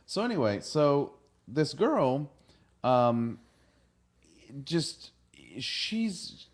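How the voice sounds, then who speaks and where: A man's voice: fairly high pitch, sing-song, drawn-out words. A man hosting a podcast, casually retelling an episode and acting out the characters' lines. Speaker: podcast host.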